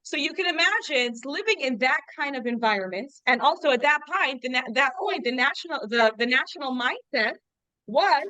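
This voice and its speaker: Woman teacher, high bright voice, chatty, asks the class rhetorical questions. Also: lively intonation, moderate pace, dry recording. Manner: chatty, lots of "like" fillers, explains with rhetorical questions. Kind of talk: informal lesson.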